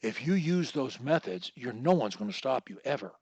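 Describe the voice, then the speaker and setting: A man coaching one-on-one over a video call, explaining techniques in a deliberate, instructive way and drawing words out. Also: medium pitch, lively intonation, a little mellow, breathy edge, no echo. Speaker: speech coach.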